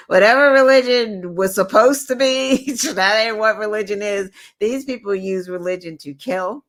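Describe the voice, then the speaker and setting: A woman co-hosting a casual political talk show, animated and laughing between points. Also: lowish voice, vocal fry. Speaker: co-host.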